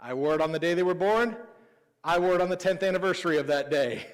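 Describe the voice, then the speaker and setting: A man in his thirties with a slightly higher than average voice, telling personal stories from the pulpit in an easy, self-deprecating way. His voice rings out with a long reverb tail from a large church sanctuary. It sounds like a relaxed sermon rather than a formal address. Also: fast talker, smooth. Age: 30s. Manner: casual, personal storytelling with self-deprecating humor. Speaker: pastor. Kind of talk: conversational sermon.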